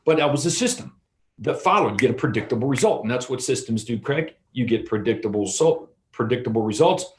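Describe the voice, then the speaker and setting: A man's voice: medium pitch, animated, a little fast. A man co-presenting an online real estate seminar, teaching casually and acting out short shop dialogues. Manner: casual, storytelling, acts out little dialogues. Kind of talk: conversational teaching with role-play examples.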